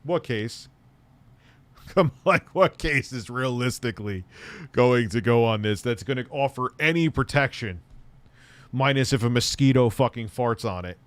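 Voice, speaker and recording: A man's voice: medium pitch, lively intonation, measured pace, no room sound. A middle-aged man hosting a live tech stream, rambling and cracking crude jokes at his chat.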